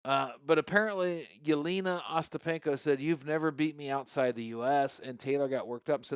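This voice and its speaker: A man's voice: on the high side, brisk, hardly any pauses, clean tone, dry recording, studio quality. A man hosting a sports talk radio show, talking loosely and chatting back at the clips he plays.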